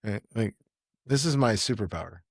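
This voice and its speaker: A man's voice: lowish voice, lively intonation, moderate pace, gravelly, slightly rough, no echo, studio quality. A young man talking as a podcast guest in a casual chat, blunt and rambling, swearing freely.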